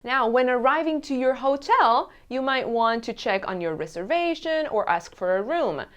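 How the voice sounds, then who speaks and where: A woman teaching a language lesson, saying each travel phrase slowly and clearly and repeating it. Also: high voice, expressive, fairly bright tone. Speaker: Spanish teacher.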